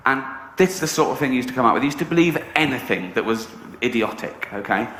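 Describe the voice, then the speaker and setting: English stand-up, lively pitch, chuckling storyteller, roomy and noisy recording. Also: male voice, fast talker. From England. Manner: laughs through his stories. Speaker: comedian. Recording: echoey room with background noise.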